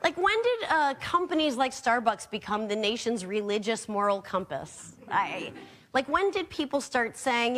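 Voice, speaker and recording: A woman's voice: on the high side, big pitch swings, moderate pace, background noise. A woman hosting a comedy show, delivering a sarcastic, punchy monologue to a studio audience. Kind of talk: stand-up monologue.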